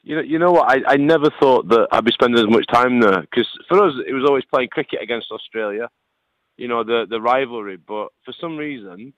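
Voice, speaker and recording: A man's voice: medium pitch, fairly quick, no room sound. A man in his late thirties with a Lancashire accent, a guest chatting on a radio show, jokey and prone to repeating words. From England. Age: 30s. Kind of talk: casual radio chat. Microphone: phone. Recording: tinny phone line.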